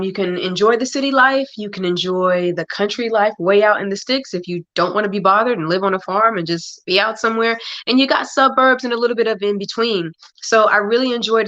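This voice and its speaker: A woman from North Carolina talks as a guest in a relaxed interview. She is easygoing and supportive, with a reserved manner and soft chuckles. The recording is slightly dull and lo-fi. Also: medium pitch. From Charlotte, North Carolina. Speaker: musician guest. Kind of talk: casual interview chat.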